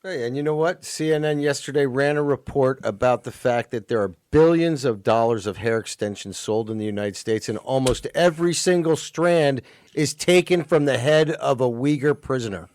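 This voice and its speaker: A man co-hosting a talk radio show drops in brisk, matter-of-fact remarks. His voice sits at an ordinary male pitch. The sound is dry and close. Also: darkish tone, no room sound. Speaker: radio co-host. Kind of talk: casual studio chat.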